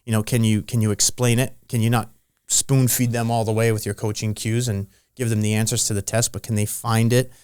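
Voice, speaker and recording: A man's voice: fairly low pitch, flat delivery, fairly quick, darkish tone, clear, resonant tone, no echo, clean studio sound. A middle-aged man, a strength and conditioning coach, talking in a casual interview, rambling with many restarts and telling stories with animation. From Rhode Island.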